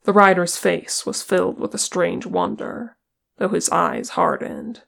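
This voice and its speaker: An audiobook reader narrating fan fiction in a steady, even storytelling manner. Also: medium pitch, measured pace, creaky. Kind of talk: reading fan fiction aloud.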